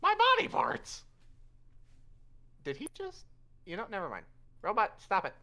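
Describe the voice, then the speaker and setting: Man voicing a frantic eccentric inventor, squeaky, rushed, bright tone, tabletop game character. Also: wildly swooping pitch, full character voice. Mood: panicked.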